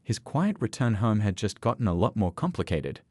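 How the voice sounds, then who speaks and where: A man narrating a scripted story in a steady, even storytelling read. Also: on the low side, moderate pace, dry recording.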